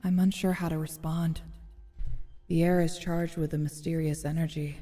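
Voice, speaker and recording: A woman streamer reads a story game's narration aloud in a measured, expressive way. Her voice is fairly low and mellow. Faint music plays behind her. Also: in a large hall. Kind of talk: reading game narration aloud with casual asides.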